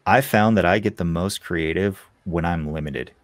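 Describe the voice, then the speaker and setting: Candid, animated man talking shop. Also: sits low, moderate pace, no room sound. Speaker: guest. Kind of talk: casual podcast chat.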